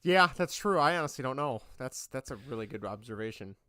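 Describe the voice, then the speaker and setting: Man, podcast co-host, casual chat, enthusiastic, quick bursts, bright tense tone, smooth voice. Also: mid-range voice, animated, no echo.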